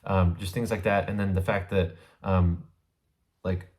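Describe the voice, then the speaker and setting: His voice sits low and a little mellow, with a level tone and slightly slow delivery. He's a Bible teacher walking through a passage in a relaxed, conversational way, frequently checking in with the people listening.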